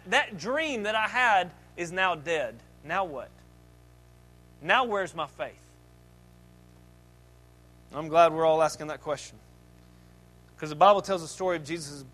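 A man preaching a sermon as pastor, with lively delivery that swings between loud, fervent passages and quiet asides, acting out voices and joking with the congregation. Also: sits high. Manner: dynamic preaching, acts out disciples' voices, jokes.

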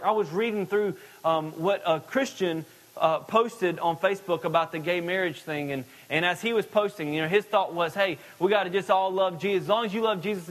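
A man's voice: sits high, a bit bright. A man preaching a sermon with an emphatic, repetitive cadence, often restarting his words. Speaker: pastor.

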